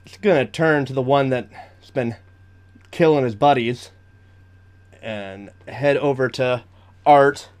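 A man's voice: medium pitch, slow, pauses often, darkish tone, clean tone. A man narrating as game master of a tabletop game, chatty and laughing often.

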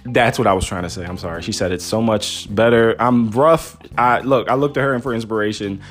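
A man's voice: on the low side, a little fast, fairly bright tone, soft background music. A man hosting a podcast, chatting casually and off the cuff, full of jokes and teasing. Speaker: podcast host. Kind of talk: casual chat.

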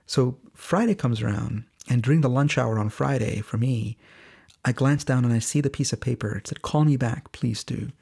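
A man narrates a story on his podcast in an earnest, halting way. His voice has a gravelly edge and sits at an ordinary middle pitch. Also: darkish tone. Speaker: podcast host and phone bank organizer.

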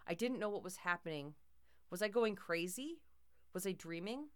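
Clear-voiced woman reading a horror story. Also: fairly low pitch, animated, normal speed. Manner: dramatic, tense storytelling. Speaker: narrator.

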